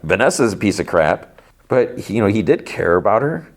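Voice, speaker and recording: Low-voiced man recapping TV episodes. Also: normal speed. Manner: animated retelling, acting out lines. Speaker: podcast host.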